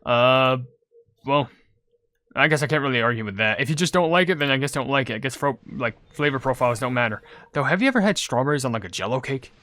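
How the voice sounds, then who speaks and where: A man doing casual gaming commentary, rambling with lots of "like" and "you know", turning loud and excited over game pulls. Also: mid-range voice, fast talker. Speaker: gaming YouTuber.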